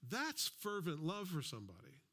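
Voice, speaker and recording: A man's voice: a little high, huge pitch swings, moderate pace, bright, forceful tone. A man preaching a sermon as a pastor, in a conversational style with asides and acted-out quotes. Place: church.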